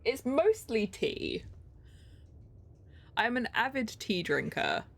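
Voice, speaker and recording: A woman's voice: a little high, very animated, slow, vocal fry. Chatty, giggly English woman streamer. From England. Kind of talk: casual live-stream chat.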